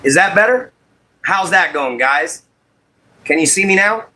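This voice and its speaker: A man's voice: high voice, animated, a little slow, sharp tone. A man hosting a casual livestream while making a walking stick, greeting viewers by name and apologizing about his audio. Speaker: livestream host.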